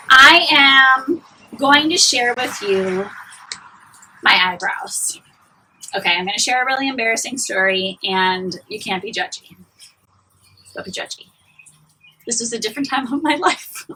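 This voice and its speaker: Bright, breathy chatty woman in her forties. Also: a little high, low-quality recording. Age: 40s. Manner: chatty, confiding, full of "like" and restarts. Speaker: beauty vlogger and shop owner. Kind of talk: casual live-stream beauty tutorial. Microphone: phone or camera close up, live stream.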